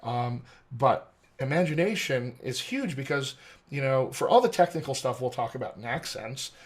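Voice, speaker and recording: A man's voice: medium pitch, animated, moderate pace. An American man, an accent coach, explaining his teaching method methodically in an interview. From United States. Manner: articulate, methodical, lecturing.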